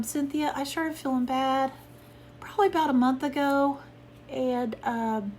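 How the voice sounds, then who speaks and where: A woman chatting casually to her viewers at home while sick, hoarse and coughing, rambling and apologetic. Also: high voice, a little hiss or hum. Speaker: haul vlogger. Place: at home, sitting.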